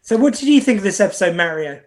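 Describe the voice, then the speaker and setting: A woman co-hosting a podcast, chatting about a TV episode with quick asides and rhetorical questions. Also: medium pitch, expressive, a little mellow. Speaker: podcast co-host. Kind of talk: casual chat reviewing a TV episode.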